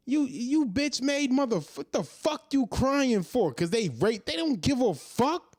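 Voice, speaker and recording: A man in his thirties rants straight into the mic, firing off profane rhetorical questions. His pitch swings widely as he heats up, and the sound is dry with no room echo. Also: big pitch swings, unhurried. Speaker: commentary host. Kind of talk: ranting monologue.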